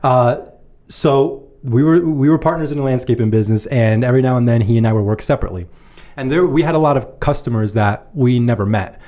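A man's voice: mid-range voice, a little fast. Laughing male storyteller. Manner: animated storyteller, acts out quoted voices, laughs often. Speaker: podcast co-host. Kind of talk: casual chat, storytelling.

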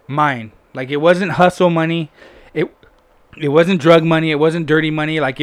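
Male guest storyteller, blunt, profane, casual, a bit high-voiced. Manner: candid, heavy swearing, frequent "like" fillers.

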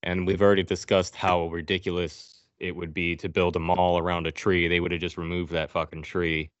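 A man's voice: low-pitched, flat delivery, fairly quick, no echo, muffled recording. A man hosting a podcast, recapping a movie's plot in a sarcastic, profane storytelling manner. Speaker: podcast host.

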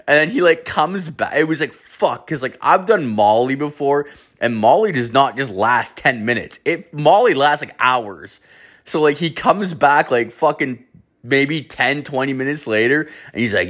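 A man's voice: medium pitch, normal speed. A young man casually telling a profane work story, acting out the people he quotes. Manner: animated, swears constantly, acts out quoted voices.

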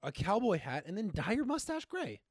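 An animated young man co-hosting a podcast, teasing his friend and swearing freely. His pitch jumps around a lot as he talks, and the sound is close and dry. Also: fairly quick, no room sound. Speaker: podcast co-host. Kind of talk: casual chat.

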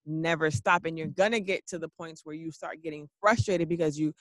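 A man hosting a casual talk, animated and laughing often as he recaps his guest's points. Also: on the high side, fairly quick, dry recording. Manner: animated, laughing, repeats "literally". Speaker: podcast host.

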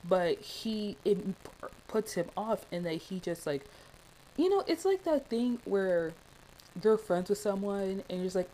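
Impassioned young woman, mellow voice. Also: medium pitch, expressive, measured pace, slight background noise, low-quality recording. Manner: passionate, rambling, lots of filler "like". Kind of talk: casual film commentary.

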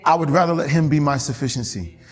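A male pastor preaching a lively sermon in church, calling out to the congregation and repeating key phrases. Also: a little high, fast talker, big-room sound. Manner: animated, call-and-response with congregation, repeats phrases, laughs often. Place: church sanctuary.

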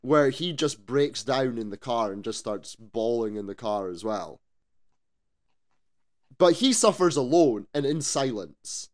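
A man co-hosting a podcast in casual chat, animated, swearing freely and asking rhetorical questions. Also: medium pitch, unhurried. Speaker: podcast co-host.

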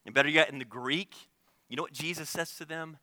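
A man preaching a sermon as pastor, earnest, swinging between loud emphasis and hushed, quiet lines. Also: on the high side, steady tone, brisk, dry recording.

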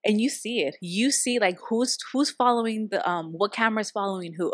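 A woman guest in a casual conversation, telling stories and acting out the dialogue lively. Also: medium pitch, fairly quick, hardly any pauses, dry recording, studio quality. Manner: lively, acts out quoted dialogue in her stories.

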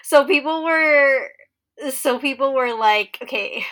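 Woman from Canada, podcast co-host, blunt, wry, swears freely, somewhat high voice. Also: slow pace, a bit bright. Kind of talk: casual chat.

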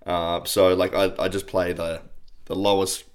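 Low-voiced man, relaxed. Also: unhurried. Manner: relaxed, repeats words as he starts. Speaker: podcast co-host. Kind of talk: casual chat.

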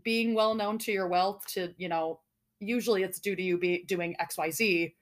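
A woman's voice: lowish voice, moderate pace. Giggly woman hosting a casual podcast. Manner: giggly, swears casually, jokey asides. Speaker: podcast host. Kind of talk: casual chat reading a mystery.

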